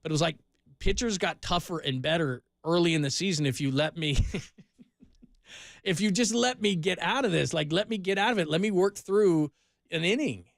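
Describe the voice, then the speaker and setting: A man's voice: high voice, normal speed, creaky, no echo, clean studio sound. A man hosting a sports radio show, chatty and easygoing as he banters and runs down the show. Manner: easygoing, chatty, laughs things off. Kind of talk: casual studio banter and show rundown. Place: radio studio. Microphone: studio microphone.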